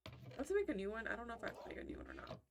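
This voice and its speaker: A woman's voice: fairly high pitch, huge pitch swings, very fast, gravelly, a little hiss or hum. A woman giving casual, rambling commentary while she plays a video game, often breaking off mid-sentence. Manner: rambling, self-interrupting, chatty. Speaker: gaming commentator.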